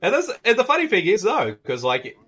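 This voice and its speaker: Excitable podcast man, bright and lively. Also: high-pitched, slightly rough. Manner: excitable, quick to laugh. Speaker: podcast co-host. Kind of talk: casual chat.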